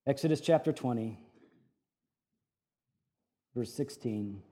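A pastor in his thirties preaching a sermon, with a humorous storytelling manner and lively shifts. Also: mid-range voice, slow pace.

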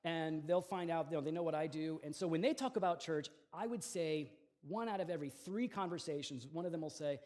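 A man's voice: fairly high pitch, brisk, hardly any pauses, a little mellow. A man in his forties preaching a sermon as pastor, telling stories in a conversational way with fillers and restarts.

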